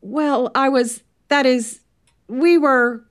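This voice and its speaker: A woman's voice: medium pitch, expressive, measured pace, voice pushed up, natural voice. A woman voicing a shy, embarrassed young widower who stammers and falters as he speaks. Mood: flustered.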